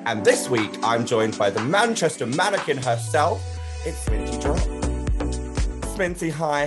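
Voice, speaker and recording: Bubbly, teasing male drag host. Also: mid-range voice. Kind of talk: interview hosting.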